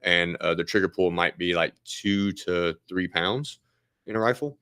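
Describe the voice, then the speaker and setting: Man, very deep voice, firearms instructor, casual step-by-step explanation, dry close sound. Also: unhurried, smooth, no echo. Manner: relaxed, explains step by step with many fillers.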